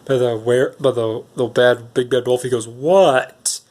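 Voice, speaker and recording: A man casually recapping a film's plot in a rambling, hesitant way, full of restarts and pauses. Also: mid-range voice, level tone, darkish tone. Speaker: movie reviewer.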